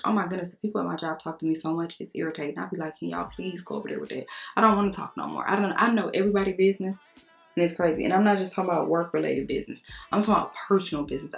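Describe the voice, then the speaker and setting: A young adult woman chatting frankly to her viewers, telling animated stories and cussing casually. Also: fairly low pitch, gravelly. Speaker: beauty vlogger. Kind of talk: casual chat to camera.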